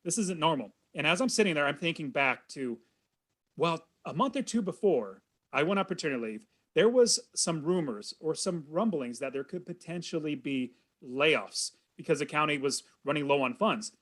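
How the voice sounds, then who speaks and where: A man in his thirties tells a personal story as a podcast guest, earnest and animated. His voice sits a little high for a man. He talks plainly and warmly to his host. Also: normal speed. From California. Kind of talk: storytelling in an interview.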